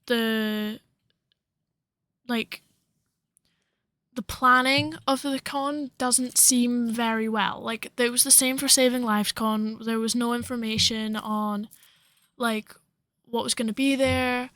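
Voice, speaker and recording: A woman's voice: fairly high pitch, fairly even intonation, slow, long pauses, fairly bright tone, dry recording. A young woman co-hosting a podcast, chatting casually and rambling with lots of fillers. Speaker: podcast co-host. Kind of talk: casual chat.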